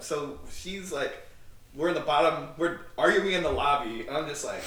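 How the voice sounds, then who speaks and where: A man's voice: fairly high pitch, expressive, normal speed, a bit bright. A male podcast co-host telling a rambling, casual story, full of filler words and acted-out dialogue. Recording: roomy, distant mic, faint noise.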